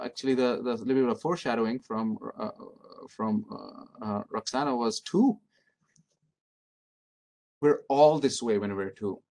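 A middle-aged man leading an interactive training workshop, speaking calmly and encouragingly as he reads out answers from the audience. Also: lowish voice. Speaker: workshop presenter.

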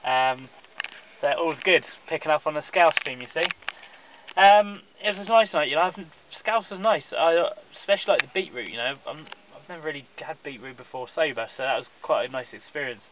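A man giving a rambling, deadpan comic review of a dinner to camera. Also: fairly high pitch, brisk, slight background noise. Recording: tinny phone-like camera audio.

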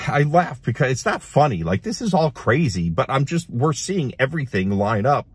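A middle-aged man hosting a casual commentary show, reading headlines aloud and adding animated, laughing remarks. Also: mid-range voice, a little slow, husky, no echo. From United States. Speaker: host.

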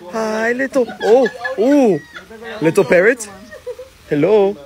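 A man's voice: sits high, lively intonation, slow pace, crowd noise. Goofy young man in comic skits. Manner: playful, goofy, often yelling. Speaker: comedy skit creator. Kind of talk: comedic skits and vlog clips.

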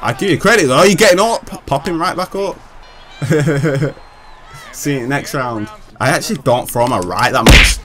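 A man's voice: medium pitch, expressive, moderate pace, music in the background. A man giving hyped, trash-talking gameplay commentary, laughing often. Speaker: gaming channel host.

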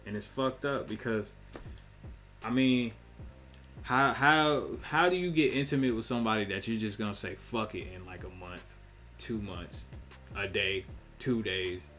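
A man's voice: lowish voice, a bit bright, soft background music. Blunt, profane man ranting. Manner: profane, blunt, slangy, acts out quick voices. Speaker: online commentator. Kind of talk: casual opinion rant to camera.

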